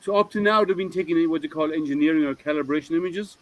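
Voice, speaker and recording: A man's voice: a little high, fast talker, rough recording. Teasing, chatty man on a call. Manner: chatty, teasing, laughs often. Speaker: host of a group video hangout. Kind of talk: casual group chat. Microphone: video call.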